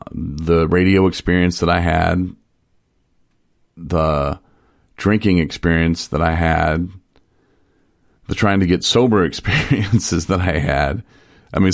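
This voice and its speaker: A man's voice: low voice, creaky, dry recording, clean studio sound. A man in recovery telling stories on a casual radio talk show, rambling with restarts and short laughs. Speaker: person in recovery sharing his story.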